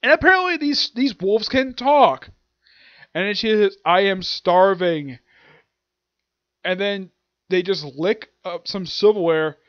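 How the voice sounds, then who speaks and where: A man's voice: sits high, no echo, dull audio. A man reviewing an anime and manga chapter in a casual, rambling way, stopping to hunt for names and acting out the characters' lines.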